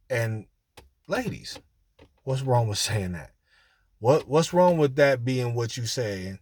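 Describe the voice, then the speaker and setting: Man, casual advice talk, speaks straight to listeners, colloquial, mid pitch, dry sound. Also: darkish tone, no room sound. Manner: conversational, repeats himself, addresses listeners directly; colloquial, with frequent fillers. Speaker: relationship talk host.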